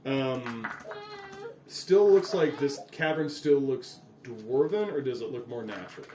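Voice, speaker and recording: A man's voice: medium pitch, lively intonation, unhurried, mellow, roomy sound, a little hiss or hum, rough recording. A man playing in a tabletop game, thinking aloud about what his character does. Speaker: player. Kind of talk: casual tabletop game chat.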